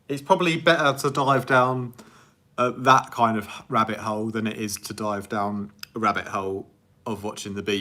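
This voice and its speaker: Working through viewer questions on a relaxed livestream, this chatty male music producer rambles, laughs a lot, and is quick to make fun of himself. His voice is lowish but comes across bright and forward.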